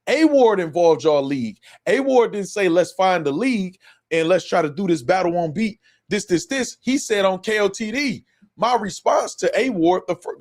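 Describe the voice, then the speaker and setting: A man hosting a live stream, giving casual, profane commentary and repeating himself as he reacts to clips. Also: sits high. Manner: animated, repetitive, profane, talks over clips. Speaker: livestream host.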